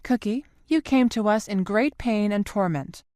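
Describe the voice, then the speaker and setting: A woman voicing a gentle, somewhat nervous motherly woman speaking earnestly, in an audiobook. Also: mid-range voice, animated, normal speed, no room sound, studio quality, voice pushed up, natural voice.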